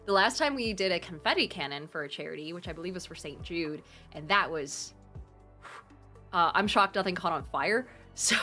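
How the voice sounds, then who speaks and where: Bubbly, lively woman streamer. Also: on the low side. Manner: bubbly, gushing and excitable, thanking donors. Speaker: streamer hosting a charity stream. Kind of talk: casual live-stream chat, reading chat aloud.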